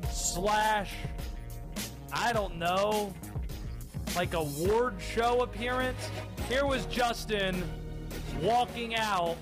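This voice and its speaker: A man hosting a sports radio show, playful and animated with jokey asides. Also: sits high. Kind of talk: casual sports talk.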